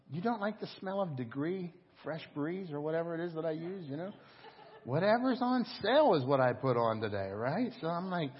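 A middle-aged man preaching a sermon as pastor, telling stories in an animated, conversational way. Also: a little high, breathy edge. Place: church service. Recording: dull echoing church hall audio.

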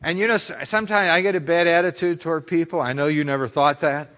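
A man's voice: on the high side, steady tone, fast, a bit bright, big-room sound. A male pastor preaching a conversational sermon full of rhetorical questions.

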